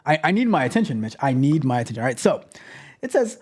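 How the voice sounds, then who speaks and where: A man hosting a tech livestream, talking to his chat. His pitch swings up and down as he talks. He plays up his mock outrage and his sarcasm like a performer. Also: big pitch swings, fast, a little mellow, husky. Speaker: host. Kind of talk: livestream commentary, reading chat aloud.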